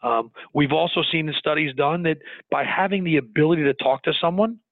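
Man, business owner, earnest, animated, restarts his sentences, tinny phone-line sound, dry. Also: a little high, fairly quick, no echo. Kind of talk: conversational interview.

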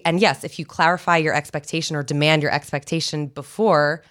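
A woman's voice: sits low, steady tone, a little fast, fairly bright tone. A woman communication coach, giving guests explanations and affirmation in a podcast interview.

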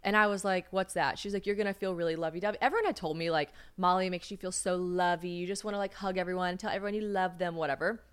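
A woman's voice: lowish voice, fast talker, hardly any pauses, smooth. A young woman co-hosting a podcast, telling a story in casual chat, acting out what others said and laughing often. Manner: animated, acts out quoted voices, laughs often. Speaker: podcast co-host.

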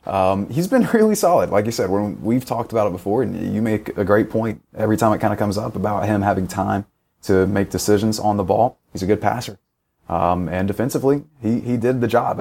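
Wry low-voiced man recapping football. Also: creaky, husky. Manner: wry, joking, lively recaps. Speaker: podcast co-host. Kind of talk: casual sports chat.

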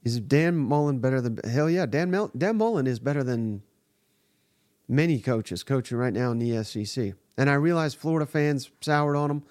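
Male podcast host, mid pitch, dry close-miked sound, blunt and exasperated, swears freely. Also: expressive, moderate pace, a little mellow, no echo. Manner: blunt, exasperated, profane commentary. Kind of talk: live sports reaction podcast.

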